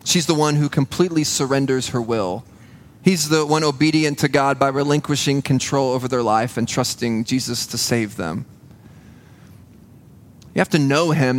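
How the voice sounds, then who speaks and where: A man preaching a sermon in a church, earnest and building to a hushed intensity on key points. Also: mid-range voice. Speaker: pastor.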